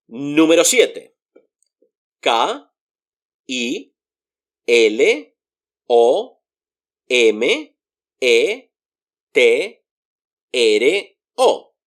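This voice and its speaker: A man gives a beginner Spanish lesson, spelling each word out letter by letter and then repeating it. He speaks very slowly, and his pitch rises and falls in a lively way. He explains pronunciation patiently, one step at a time. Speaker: Spanish teacher.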